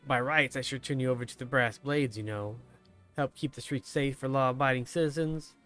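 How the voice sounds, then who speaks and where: A man voicing a greedy, bullying male merchant with a slow, sneering delivery. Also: mid-range voice, a bit bright, soft background music, close to an everyday voice.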